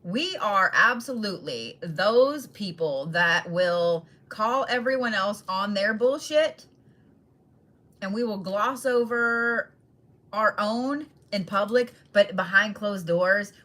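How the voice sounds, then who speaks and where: Blunt, bright-voiced woman giving zodiac readings. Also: medium pitch, lively intonation, takes it slowly. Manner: blunt, swears freely, laughs often; direct address to each sign. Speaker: tarot and astrology reader.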